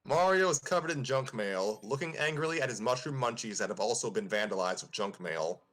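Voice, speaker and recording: A man's voice: medium pitch, a little fast. Man casually reading fan fiction aloud. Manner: relaxed reading aloud, chuckling at the text. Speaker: host and narrator.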